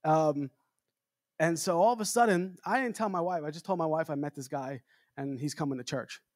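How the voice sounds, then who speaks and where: High-voiced animated American preacher. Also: male voice, a little fast, dry recording, studio quality. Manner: animated, jokey, acts out quotes with big pitch jumps. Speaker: evangelist preacher. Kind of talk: storytelling sermon. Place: church revival meeting.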